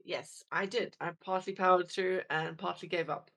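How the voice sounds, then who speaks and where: A woman with a gravelly edge to her voice, co-hosting a podcast. She rambles through her explanations in a casual, self-deprecating way, with plenty of fillers and restarts. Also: fairly low pitch, fairly even intonation, moderate pace, a bit bright. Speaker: podcast co-host. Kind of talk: casual chat.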